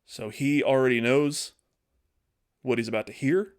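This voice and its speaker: A man casually telling a story on a podcast, animated and acting out the characters as he goes. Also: medium pitch, a little slow. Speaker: podcast host.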